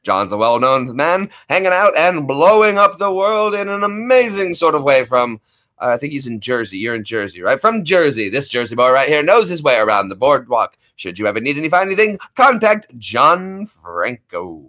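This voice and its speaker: A man putting on a hyped, drawn-out radio and ring announcer voice. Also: mid-range voice, very animated, fairly bright tone, pitched above the performer's own voice. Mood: hyped announcing.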